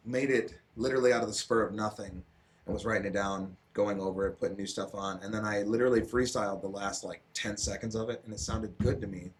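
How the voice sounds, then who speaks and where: A young man co-hosting a live stream, chatting loosely and swearing, with lots of laughter. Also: fairly low pitch. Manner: loose, profane, laughing storyteller. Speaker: stream co-host. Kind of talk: casual stream chat.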